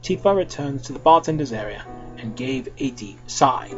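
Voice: mid-range voice, big pitch swings, muffled recording, soft background music. A podcast host giving a theatrical, comic reading of fan fiction. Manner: theatrical, quick to switch voices.

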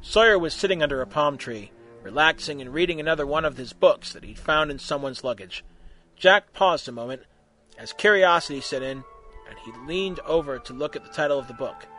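A man reading a fan-made story aloud, narrating in a lively, wry way. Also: a little high, fairly quick, faint music behind.

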